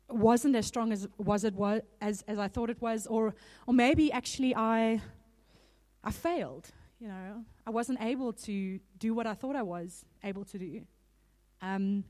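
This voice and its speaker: A woman giving a sermon in a casual, animated storytelling manner. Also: fairly high pitch. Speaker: speaker. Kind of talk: conversational sermon.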